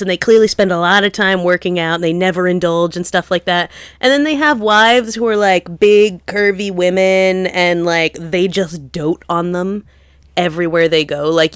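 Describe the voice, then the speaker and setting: A woman co-hosting a podcast in casual chat, talking fast and loose with many fillers and frequent laughs. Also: lowish voice, smooth, dry recording, studio quality. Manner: chatty, lots of "like" fillers, laughs often. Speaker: podcast co-host.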